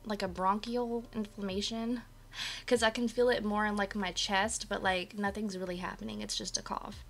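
Gravelly and a bit bright, her medium-pitched voice stays fairly even at a normal speed. Freshly awake and a bit dry and coughy, she streams from her home apartment on a desk mic, bubbly and chatty as she greets live viewers by name.

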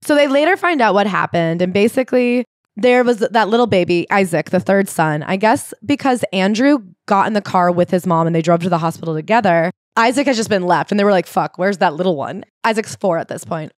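A woman co-hosting a podcast, retelling a book in a casual, animated way and acting out the quotes. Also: brisk, no echo, clean studio sound. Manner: animated storyteller, acts out quotes with sharp pitch jumps. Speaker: podcast co-host. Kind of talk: casual book-club chat, retelling a story.

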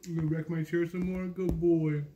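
A woman at home indoors, softly praising a cat on her lap in casual, affectionate chat. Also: lowish voice, flat delivery, brisk, highs cut off.

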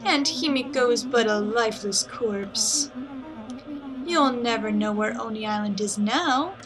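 A woman's voice: on the high side, measured pace, close to an everyday voice, low-quality recording. A woman voicing a sly, gloating evil fox spirit in a video game. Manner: gloating, scheming. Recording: game music behind voice.

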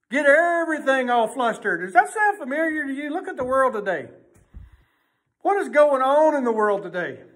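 A man preaching a sermon in a folksy way, emphatic and swinging between loud and hushed delivery. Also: very high voice.

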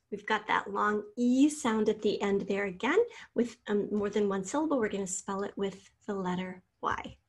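A woman teacher giving a recorded spelling lesson over slides, spelling out letters slowly and patiently. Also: mid-range voice, husky.

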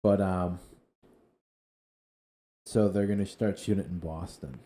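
Low, mellow-voiced young New man. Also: fairly even intonation, a little slow. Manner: laid-back, profane, short interjections. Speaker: podcast co-host. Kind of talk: casual podcast chat.

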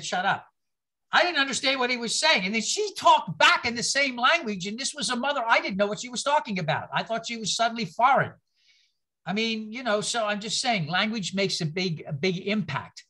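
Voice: mid-range voice, bright, forceful tone. A teacher leading a church history class, speaking in an informal, rambling lecture full of anecdotes, restarts and asides to the group.

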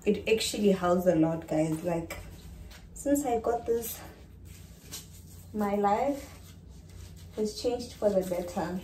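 Slow-talking South African woman vlogger. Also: mid-range voice, warm tone, recorded from a distance, slight background noise. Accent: South African English. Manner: chatty, keeps calling out to viewers as guys. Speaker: lifestyle vlogger. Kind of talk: casual chat to camera. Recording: echoey room, voice off-mic.

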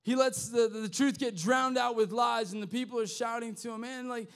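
High-voiced impassioned man preaching. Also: steady tone, moderate pace, clean tone. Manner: impassioned, swings from quiet to shouting; conversational with slang and restarts. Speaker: youth pastor. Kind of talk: sermon. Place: youth service hall.

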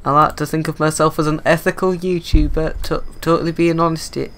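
A man's voice: fairly high pitch, level tone, brisk, fairly bright tone. A man giving dry, self-mocking let's-play commentary as a gaming YouTuber.

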